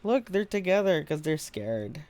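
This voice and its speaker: Lively, animated male game streamer. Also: on the high side, measured pace. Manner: chatty, laughs often, muses aloud. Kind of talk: casual live-stream chat while gaming.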